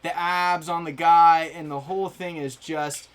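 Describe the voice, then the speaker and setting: A man's voice: on the high side, fairly even intonation, measured pace, fairly bright tone, clean tone. A man co-hosting a live chat show, playful, laughing often and acting out little scenes. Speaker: podcast co-host.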